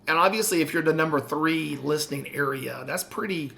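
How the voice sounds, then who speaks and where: A man's voice: fairly high pitch, fairly quick, creaky, sharp tone. A middle-aged man co-hosting a podcast in casual chat, with a dry, teasing way of talking. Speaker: podcast co-host.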